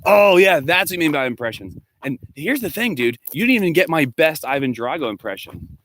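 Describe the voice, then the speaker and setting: A man's voice: fairly high pitch, big pitch swings, fairly quick, fairly bright tone. A male teacher talking casually to his students, rambling as he answers their comments one by one.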